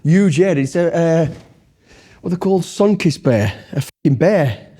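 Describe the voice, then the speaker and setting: A middle-aged man from Britain rattles off blunt, swear-laden anecdotes as an interview guest. His voice sits a little high but sounds mellow and relaxed, and the delivery is loose and unscripted. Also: a little slow. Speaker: guest, former special forces soldier. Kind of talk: casual storytelling interview.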